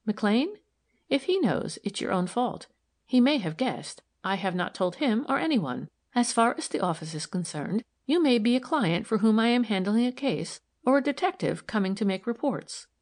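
Brief: woman reader as a stern, keen-eyed case worker, crisp and proper, raised pitch. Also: big pitch swings, moderate pace. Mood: firm. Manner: crisp, sharp and correct.

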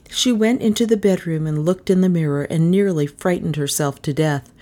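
A woman narrating a novel in an expressive, animated storybook reading. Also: fairly low pitch, moderate pace, few pauses. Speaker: audiobook narrator.

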